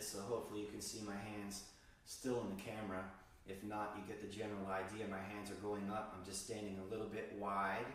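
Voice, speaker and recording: Male qigong teacher, calm instructional delivery, recorded far off in a roomy space. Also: on the low side. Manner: calm, guiding, demonstrates breathing sounds. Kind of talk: instructional demonstration. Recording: very echoey room, distant mic.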